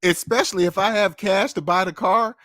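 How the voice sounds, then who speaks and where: Host, male, high-pitched and animated, dry close sound, profane storyteller who acts out quotes. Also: brisk, dry recording. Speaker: podcast host. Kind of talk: casual storytelling monologue. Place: Seattle.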